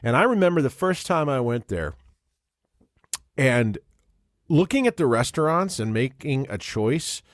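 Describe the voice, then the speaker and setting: A man's voice: mid-range voice, sing-song, unhurried, long pauses, no room sound, studio quality. A man co-hosting a podcast in casual chat, jokey and rambling, often laughing. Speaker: podcast co-host.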